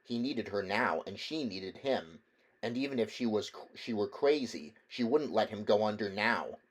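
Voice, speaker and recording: Male audiobook reader, lowish voice, hushed intense delivery. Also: animated, moderate pace. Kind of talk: audiobook narration.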